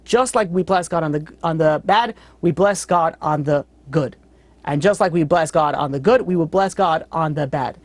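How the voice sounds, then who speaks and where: A man's voice: fairly high pitch, normal speed, no room sound. Earnest rabbi man telling a story. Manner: earnest, animated, fond of "you know". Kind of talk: storytelling sermon.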